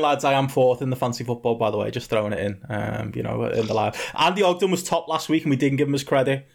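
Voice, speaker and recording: A man hosting a casual podcast chat, laughing often and steering the conversation along. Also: mid-range voice. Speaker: podcast host.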